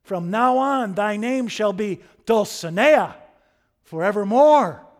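A man's voice: high-pitched, animated, takes it slowly, pitched above the performer's own voice. A man acting out a deluded, lovestruck old knight, declaiming flowery archaic lines.

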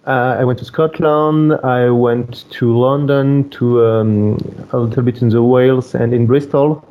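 A man in his thirties from France with a French accent, a wedding photographer answering interview questions in English, pausing to search for words. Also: mid-range voice, fairly even intonation, dull audio. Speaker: podcast guest, wedding photographer. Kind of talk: interview conversation.

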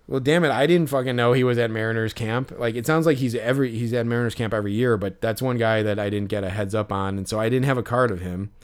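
A man with a medium-pitched, clean voice hosts a casual podcast, telling a story in a rambling way full of fillers and restarts.

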